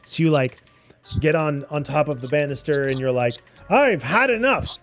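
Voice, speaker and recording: A man's voice: mid-range voice, fairly even intonation, faint music behind. A man narrating a tabletop game as game master, playful and often laughing, with voices tossed into his narration. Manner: playful, laughing, voices characters in quick asides.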